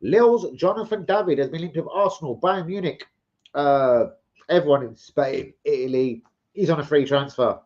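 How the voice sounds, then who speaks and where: A football fan channel host rambles and swears through a casual livestream, chatting with viewers and reading out transfer gossip. His voice is fairly high and a little mellow, moving at a moderate pace, with the highs cut off.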